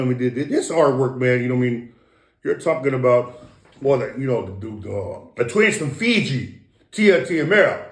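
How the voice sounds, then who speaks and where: A man of Samoan heritage, a guest talking in a casual, rambling monologue, profane and preachy, repeating and restarting his words. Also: mid-range voice. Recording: roomy echo.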